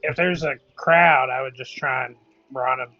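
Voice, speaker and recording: A man's voice: medium pitch, normal speed, dry recording, muffled recording, faint music behind. A man playing a tabletop game, casual and loose. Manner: casual, uses filler like. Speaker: player.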